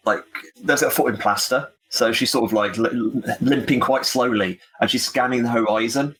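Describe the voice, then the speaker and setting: A man's voice: mid-range voice, normal speed, a bit bright, low-quality recording. A man playing a tabletop role-playing game, describing his character hesitantly with many fillers. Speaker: player. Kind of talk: tabletop role-play narration.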